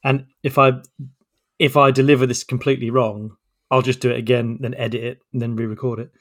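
A man's voice: medium pitch, flat delivery, brisk. A man co-hosting a podcast in casual chat, tired and joking, teasing his co-host.

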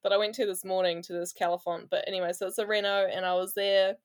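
A woman with a New Zealand accent tells work stories in a casual interview. She is animated and funny and builds each anecdote with plenty of energy. Her speaking pitch sits in an ordinary middle range. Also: fast, clean tone. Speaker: plumber, podcast guest.

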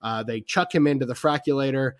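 A male podcast co-host in a casual film chat, with a voice of ordinary middle pitch. He rambles eagerly, piles on fillers and loses his thread. His talk is loose and sprinkled with swearing. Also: brisk, no room sound, studio quality. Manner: enthusiastic, rambling, heavy on "like", swears freely.

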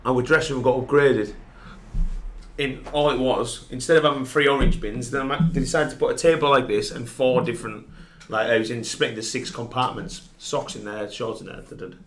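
A man's voice: medium pitch, a little fast, fairly bright tone. Laughing, sweary man telling stories. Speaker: podcast guest, former footballer. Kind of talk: casual anecdote telling.

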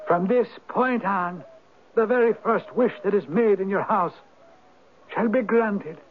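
An actor playing a mysterious old male spirit, a Viking turned Irish, in a 1970s radio drama. He speaks with an Irish accent in a husky, solemn and knowing way. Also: high-pitched, unhurried, slight background noise. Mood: wise, teasing. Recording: narrow, tinny old radio broadcast.

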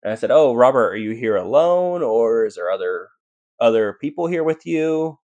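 A man's voice: medium pitch, lively intonation, normal speed, darkish tone, muffled recording. A man, a paranormal investigator, telling his stories as a podcast guest in a rambling way, full of fillers and restarts. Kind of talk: casual storytelling in a podcast interview.

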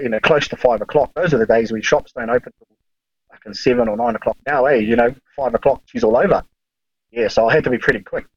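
A man's voice: mid-range voice, dry recording, dull audio. A man, a podcast guest telling long, rambling stories in casual chat, swearing freely and full of fillers.

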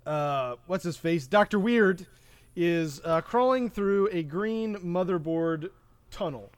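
A man with a high voice talks through a film recap in a loose, rambling way, filling pauses with "uh" and "like". The recording is dry and close, with no room sound at all. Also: animated, clean tone, no echo. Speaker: podcast co-host. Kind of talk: casual movie chat.

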